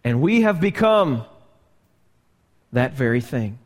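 A man preaching a live sermon as pastor, slow and emphatic, asking the congregation rhetorical questions. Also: medium pitch, sing-song. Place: church sanctuary. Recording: live church recording with long reverb.

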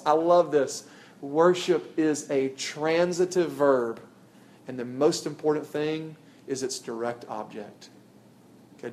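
A young man delivers a sermon with earnest conviction. His voice sits a little high and climbs to emphatic peaks when he stresses key phrases. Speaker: preacher.

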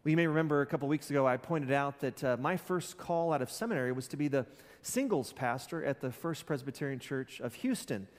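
A man's voice: medium pitch, animated, brisk. A man preaching a sermon as pastor, conversational, with joking asides. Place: church sanctuary. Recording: long reverb in a church hall.

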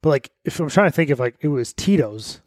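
Fast-talking man, profane banter. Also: a little high, lively intonation, dry recording, clean studio sound. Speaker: podcast co-host. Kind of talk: casual chat.

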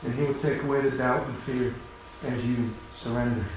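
A man preaching a sermon as pastor and leading a prayer, earnest and pleading, often dropping to a quiet hush. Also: mid-range voice, fairly even intonation, moderate pace, noisy background. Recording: very echoey room with faint ambience.

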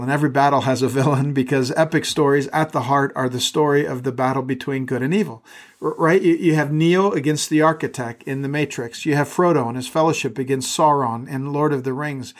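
Male pastor, somewhat high voice, earnest conversational sermon delivery.

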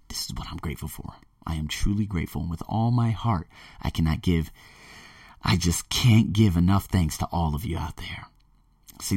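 A man hosting a motivational podcast, rambling energetically and swinging between loud excitement and quiet earnestness. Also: on the low side, dry recording, clean studio sound, far from the mic. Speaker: podcast host. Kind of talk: motivational monologue.

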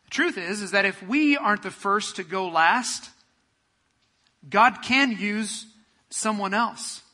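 A man preaching a sermon, building to loud passionate peaks and dropping to a soft, quiet prayer. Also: high-pitched, slow pace, in a large hall. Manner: preaching with rising fervor, then quiet prayer. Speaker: pastor.

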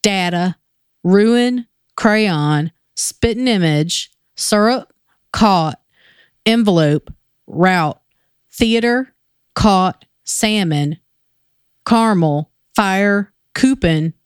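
A woman hosting a podcast, chatting casually, slow and drawling, swearing freely. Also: medium pitch, expressive, clean tone, no echo, studio quality. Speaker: podcast host. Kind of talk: casual chat.

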